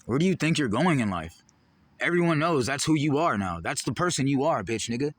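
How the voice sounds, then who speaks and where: With a mid-range, animated voice at a fairly quick clip, a male vlogger rants to the camera. His monologue is heated, rambling, and profane, hopping between topics.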